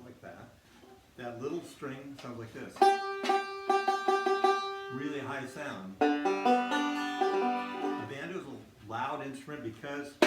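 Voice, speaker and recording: Recorded from afar by one mic placed near his instrument, a man with a mid-range voice leads a kids' music class. He's friendly, keeps explanations simple, and restarts a lot, while the echoey room fills with loud instrument music behind him.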